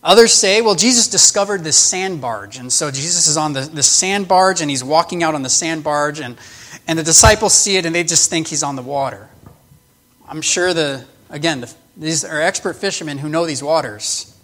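Male preacher, higher voice, earnest teaching sermon, emphatic. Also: lively intonation, moderate pace, a bit bright. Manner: earnest, explanatory, with emphatic restarts.

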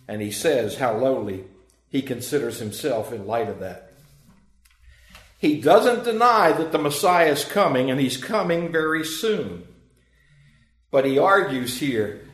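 Male pastor, mid-pitched, earnest emphatic sermon delivery, roomy echo. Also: animated, unhurried. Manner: earnest, emphatic preaching with rising and falling emphasis.

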